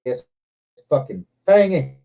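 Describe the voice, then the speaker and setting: Over music, in a muffled recording, a man with a high, gravelly voice speaks slowly while telling a long, profane story and acting out his own lines. He's the show host, chatting casually with other men on a livestream hangout.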